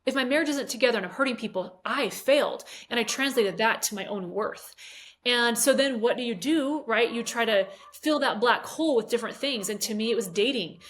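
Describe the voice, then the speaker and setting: There's a little hiss or hum under this woman's fairly high, slightly bright voice as she talks a little fast. She's a fitness coach in her forties telling a personal story in an interview, candid and emotional, with hesitations.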